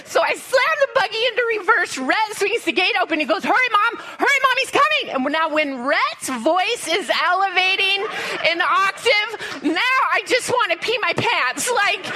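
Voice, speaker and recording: A middle-aged woman telling a lively, laughing story in a church sermon, acting out her own panic. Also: very high voice. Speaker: speaker at a cowboy church. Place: church service.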